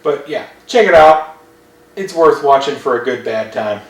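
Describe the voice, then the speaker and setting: A man's voice: mid-range voice, animated, a little slow. A man hosting a casual movie review chat, rambling and hesitant, repeating words as he talks. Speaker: podcast host. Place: home basement room. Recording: roomy, distant mic, faint hum.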